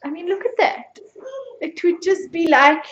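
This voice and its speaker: A woman's voice: extremely high pitch, measured pace, roomy sound, lo-fi sound. A South African woman hosting a podcast, chatting casually and mocking herself with frequent laughter. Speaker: podcast host. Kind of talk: casual chat.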